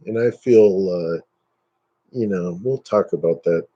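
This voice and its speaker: A man hosting a casual live stream, chatting with viewers and ranting dismissively, his pitch jumping up when he gets worked up. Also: measured pace, warm tone, muffled recording.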